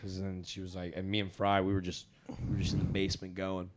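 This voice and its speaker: A man's voice: low-pitched, monotone, quick pace. A young man co-hosting a podcast, telling a rambling, profane party story, often laughing mid-sentence and acting out what others said. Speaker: podcast co-host. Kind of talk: casual storytelling chat.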